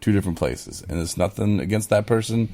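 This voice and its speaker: Gravelly, deep-voiced man chatting casually. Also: brisk, warm tone. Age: adult in recovery, speaking of early sobriety. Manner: conversational, with many fillers, acts out his own quoted replies. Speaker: podcast co-host. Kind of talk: casual chat.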